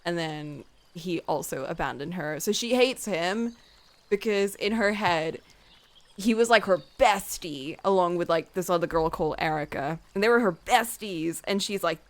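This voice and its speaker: A young woman streamer casually retelling a book she loves, animated, full of fillers and acted-out quotes. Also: fairly low pitch, moderate pace. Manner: animated storyteller, lots of "like", acts out dialogue in quotes. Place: home room while drawing on stream.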